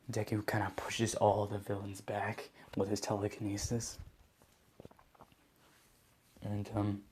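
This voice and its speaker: A man's voice: fairly low pitch, warm tone, slight background noise. A man improvising a fan story aloud, rambling with many restarts.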